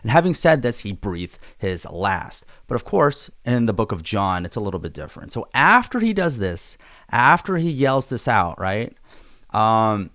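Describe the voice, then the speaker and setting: Casual male Bible teacher, slightly low voice, dry close recording, easygoing and chatty. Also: fairly bright tone, no room sound. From Korea. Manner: laid-back, chatty, conversational teaching. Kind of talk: casual Bible study video.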